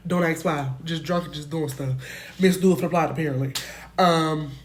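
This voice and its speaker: A young woman telling a casual storytime, animated and slangy, swearing freely and jumping between loud bursts and muttered asides. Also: sits low, a little fast, slight background noise. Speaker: storytime vlogger.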